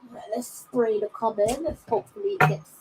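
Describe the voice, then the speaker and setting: A woman's voice: fairly high pitch, big pitch swings, a little fast, very noisy. A young woman talking casually to her viewers, exasperated and dramatic, rambling on. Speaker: vlogger. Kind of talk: casual chat to camera.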